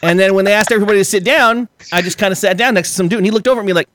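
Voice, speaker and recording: Profane, rambling man with a higher voice. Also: racing, no echo, clean studio sound. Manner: profane, rambling, animated, laughs while telling. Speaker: podcast guest. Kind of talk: casual storytelling.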